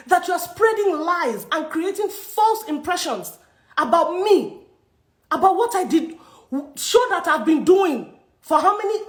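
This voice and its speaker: A Nigerian actress in an angry social media rant, scolding and repeating herself for emphasis. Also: female voice, very high voice, roomy sound. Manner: indignant, scolding, emphatic repetition. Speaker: actress speaking to her followers.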